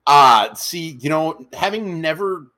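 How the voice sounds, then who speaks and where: A man's voice: fairly high pitch, expressive, slow pace, bright, forceful tone. A man co-hosting a podcast in loose, rambling casual chat, often repeating words as he restarts. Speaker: podcast co-host.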